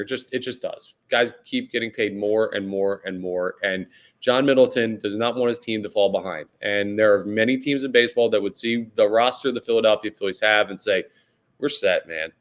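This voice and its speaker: A man's voice: on the low side, moderate pace. A man hosting a solo sports podcast, talking casually and rambling, often saying "guys" and "like". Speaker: podcast host.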